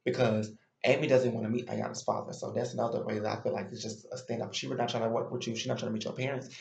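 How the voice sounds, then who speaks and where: Sassy guy recapping reality tv, gravelly voice, echoey room. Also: mid-range voice, flat delivery, quick pace, a little mellow, dull audio. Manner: chatty, opinionated and sassy. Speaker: YouTube reality show recapper. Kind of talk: casual recap commentary.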